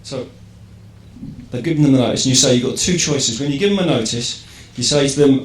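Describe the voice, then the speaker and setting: A man's voice: mid-range voice, a little fast. A man from England gives an informal talk to a live audience, asking rhetorical questions and checking in with the crowd as he goes. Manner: conversational, rhetorical questions, keeps checking in with "right?". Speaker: public speaker. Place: event hall. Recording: echoey hall with faint ambience.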